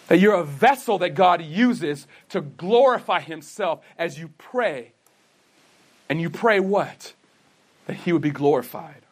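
High-voiced earnest male preacher. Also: expressive, unhurried. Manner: earnest, asks rhetorical questions and answers them himself; says he stutters, with frequent restarts. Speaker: pastor. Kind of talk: sermon.

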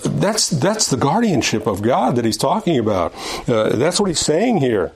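A man's voice: mid-range voice, big pitch swings, moderate pace. An older man teaching an adult Sunday school class in a conversational way, repeating phrases and restarting sentences, rising and speeding up on key points. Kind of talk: Bible lesson. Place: church classroom.

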